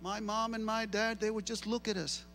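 A middle-aged male pastor preaching an animated sermon, switching between two languages and repeating phrases for emphasis. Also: high voice, moderate pace, vocal fry. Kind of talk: bilingual sermon.

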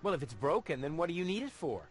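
A cocky young hero from a video game, smug and teasing, full of sarcastic jabs. His voice sits high and swings widely. Faint music plays under the game audio. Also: very animated, fast talker. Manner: smug and sarcastic, teasing, sings a boastful rap.

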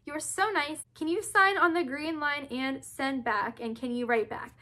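Bubbly high-voiced young woman vlogger. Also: pushed and bright. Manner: bubbly, gushing, quick to squeal. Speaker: YouTuber opening fan mail. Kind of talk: casual vlog chat.

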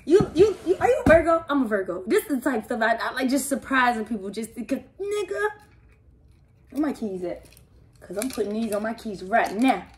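An excitable young woman talks casually through an unboxing, gushing and exclaiming in a slightly high voice. Her reactions swing between loud delight and softer, touched murmurs, with plenty of slang. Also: fairly quick, a little hiss or hum. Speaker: vlogger opening gifts.

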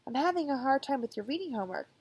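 A woman voicing a kind, encouraging schoolteacher in a storybook, speaking gently and with praise. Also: high-pitched, lively intonation, very fast, no room sound, pitched above the performer's own voice. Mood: gentle, concerned.

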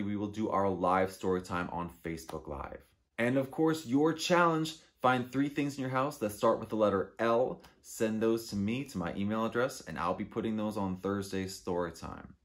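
A man, a children's librarian, reading a picture book aloud to kids in an animated, playful way. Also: fairly low pitch, normal speed. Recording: echoey room.

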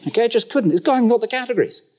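A man preaching a sermon in a church, animated and humorous, firing rhetorical questions at his listeners. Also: very high voice, fast.

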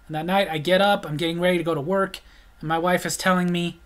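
A man's voice: sits high, steady tone, fast talker. Blunt, sarcastic middle-aged man. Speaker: storyteller. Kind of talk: casual storytelling vlog.

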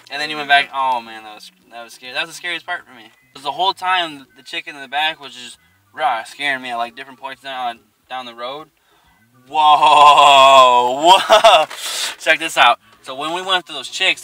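A young man casually telling a spooky story, animated and profane, laughing often. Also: fairly high pitch, slight background noise. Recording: distant mic.

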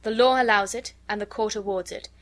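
A woman reading the lines of a young woman posing as a wise counsellor, grave and measured, in a storybook. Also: medium pitch, fairly even intonation, lightly acted.

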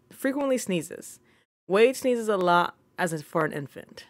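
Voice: mid-range voice, fairly bright tone, no room sound. A gaming channel host giving casual let's-play commentary, scolding the game characters and reading on-screen text aloud. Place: home recording setup.

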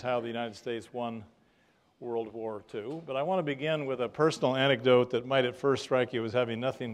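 Older male professor, lecture-hall storyteller, mid-pitched voice, dry wit, relaxed pauses and "uh"s. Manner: wry storytelling, dry humor, frequent fillers. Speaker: history professor giving a lecture. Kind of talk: public lecture with anecdotes. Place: lecture room with an audience.

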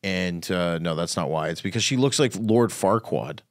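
A man's voice: deep voice, lively intonation, normal speed, no echo, studio quality. A comedian hosting his own podcast, ranting bluntly and profanely in a casual solo talk. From Canada.

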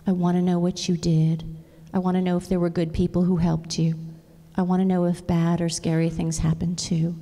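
A woman voicing a big, tender parent rabbit who apologizes softly, speaking gently and nearly in a whisper, heard in a reverberant hall. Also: on the low side, monotone, moderate pace, natural voice. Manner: soft and gentle, near a whisper. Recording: long reverb of a large hall.

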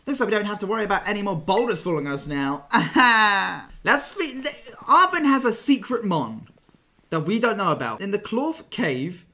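A young man giving casual, playful commentary over a game he is playing, often gushing with excitement. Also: high voice, moderate pace. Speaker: let's play host.

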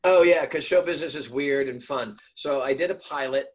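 A middle-aged male guest actor tells stories during a video-call interview, animatedly acting out the voices of the people in them. He speaks briskly in a mid-range voice over a rough recording.

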